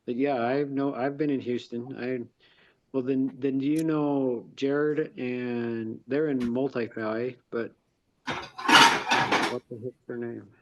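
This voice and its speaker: A man's voice: mid-range voice, level tone, slow, fairly bright tone. A man in his fifties on a video call, chatting casually and rambling through long easygoing stories. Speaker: real estate investor and contractor on an accountability call. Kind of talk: casual chat. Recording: dull lo-fi video call audio.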